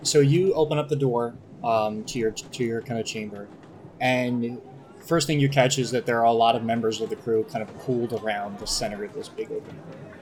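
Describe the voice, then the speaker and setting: A man's voice: medium pitch, steady tone, fairly quick, a little mellow, slight background noise. A man narrating as game master in a tabletop game, describing scenes in a loose, rambling way with many fillers.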